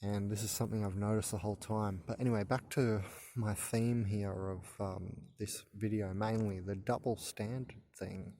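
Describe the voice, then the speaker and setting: The thirty-something host of this channel rambles to camera in a casual, hesitant way, repeatedly stammering and restarting his thoughts. His voice is fairly low and mellow, with fairly even intonation and a normal speed.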